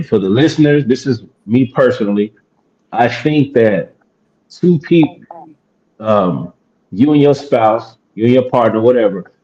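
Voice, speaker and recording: A man with a mellow, dark voice and a Houston accent, offering his view plainly and calmly in a casual podcast chat. The recording is dull and lo-fi. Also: mid-range voice. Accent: Southern US, Houston. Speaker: podcast co-host. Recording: dull lo-fi sound.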